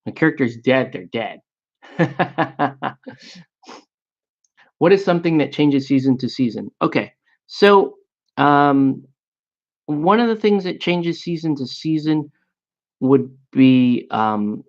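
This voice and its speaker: A man's voice: on the high side, expressive, slow, pauses often, muffled recording. A man chatting casually about a tabletop game, rambling with frequent fillers and restarts. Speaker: miniature painting and gaming host. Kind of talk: casual chat.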